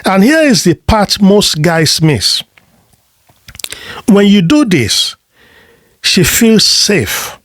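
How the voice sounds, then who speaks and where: Slow, emphatic male advice coach. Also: high-pitched, big pitch swings, fairly bright tone, no room sound, clean studio sound. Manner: deliberate, emphatic short phrases with rhetorical questions; repeats words when he restarts a thought. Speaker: relationship coach. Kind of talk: motivational advice talk.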